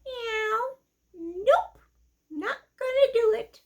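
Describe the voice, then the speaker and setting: Dismissive storybook cat, very high and thin; a woman voices it. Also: expressive, very slow, heavily acted. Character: lazy busy excuse-making cat.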